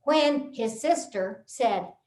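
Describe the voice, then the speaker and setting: A woman from Texas delivers a humorous speech, swooping high and low with animated, punchline-driven timing. She speaks slowly and leaves deliberate pauses before each payoff. Her voice rings through a roomy, echoey space. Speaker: contest speaker.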